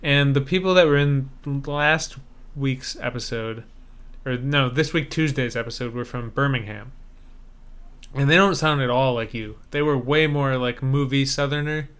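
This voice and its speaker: A man's voice: mid-range voice, moderate pace, fairly bright tone, smooth. A man co-hosting a podcast in casual chat, making wry, incredulous remarks. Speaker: podcast co-host.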